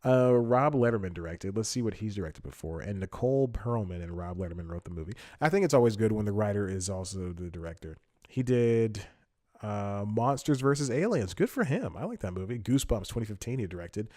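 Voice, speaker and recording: Chatty, laughing man with a low voice. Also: expressive, brisk, darkish tone. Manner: chatty, laughs often, thinks aloud. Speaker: podcast host. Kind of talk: casual solo commentary.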